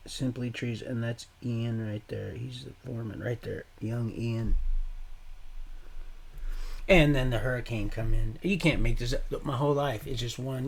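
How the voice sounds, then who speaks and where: A man's voice: mid-range voice, gravelly, darkish tone, a little hiss or hum. A man streaming live, telling rambling, profane stories in a casual way. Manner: rambling, profane, swearing often. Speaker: livestreamer.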